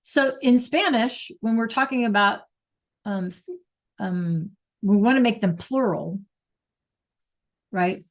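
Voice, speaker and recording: A woman's voice: mid-range voice, slow, long pauses. A woman teaching a Spanish class online over a video call, patient and checking in with students often.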